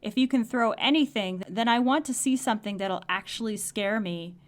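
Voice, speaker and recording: A woman reading the lines of a smug male cartoon duck superhero with slow, dry quips. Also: medium pitch, natural voice.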